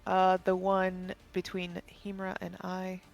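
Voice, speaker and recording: Gravelly-voiced playful tabletop player. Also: mid-range voice, completely flat delivery, takes it slowly, faint music behind. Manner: playful, laughing asides. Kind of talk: playing a live-streamed tabletop game.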